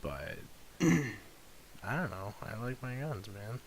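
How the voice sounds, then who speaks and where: A young man co-hosting a podcast in casual chat, talking hesitantly with lots of fillers and a gravelly voice. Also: lowish voice, very animated, slow. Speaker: podcast co-host. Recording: faint hiss.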